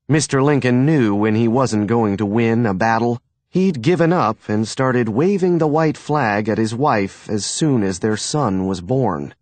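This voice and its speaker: A man narrating an audiobook in an expressive storytelling manner. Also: mid-range voice, measured pace, dry recording.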